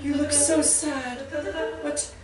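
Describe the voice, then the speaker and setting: A woman's voice: sits high, steady tone, slow, pitched above the performer's own voice. Woman playing devoted Rodrigo, coaxing friend. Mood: tender. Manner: coaxing, pleading, comic overstatement. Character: earnest devoted young male friend Rodrigo. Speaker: opera singer and performer. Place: small theater, live stage. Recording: echoey theater from far off, loud music.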